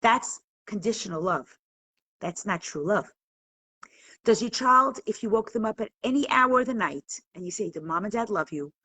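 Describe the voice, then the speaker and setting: A woman's voice: mid-range voice, lively intonation, moderate pace, sharp tone, slightly rough, no echo, rough recording. A woman teaching a live online class, earnestly asking questions and inviting viewers to answer. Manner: earnest, questioning, engages the audience. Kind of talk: live-streamed talk to viewers.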